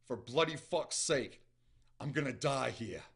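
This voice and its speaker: A man's voice: very deep voice, fairly even intonation, vocal fry, fairly bright tone, breathy edge, voice pushed down, heavily acted. A man with a Midwestern accent reading a suffocating hero's line, growling it in an attempted British accent. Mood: desperate. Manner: growled, slow. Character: suffocating male hero, gruff, defiant.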